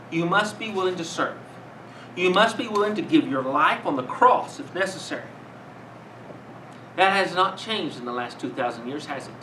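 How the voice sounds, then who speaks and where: An older man preaching a sermon to a congregation, earnest and measured, asking rhetorical questions. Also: a little high, bright, forceful tone, a little hiss or hum. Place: room with a congregation. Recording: roomy, distant mic.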